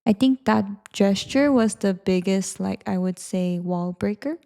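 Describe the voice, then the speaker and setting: Brief: woman co-host, gentle chatty delivery that slips into whispers, mellow tone with some vocal fry. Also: mid-range voice, measured pace. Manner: soft-spoken, often trails into whispers. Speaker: podcast co-host. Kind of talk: casual couple's chat.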